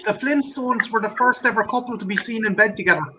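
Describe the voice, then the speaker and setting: A man's voice: high voice, fast, highs cut off, noisy background. An Irish man hosting a casual stream chat, joking and swearing often as he rambles. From Ireland. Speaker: stream host.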